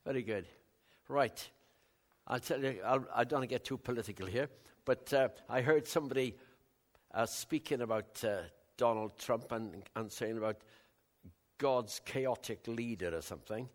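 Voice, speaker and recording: An older man from West Wales with a West Welsh accent, a Christian minister telling rambling, animated stories of his week in a casual talk. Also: medium pitch, normal speed. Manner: rambling, animated storytelling with many restarts.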